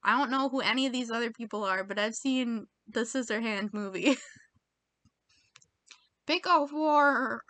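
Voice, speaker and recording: A woman's voice: fairly high pitch, brisk, fairly bright tone, dry recording. A young American woman reading quiz options aloud in casual chat, giggly and self-mocking, muttering as she goes. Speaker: video creator taking online quizzes.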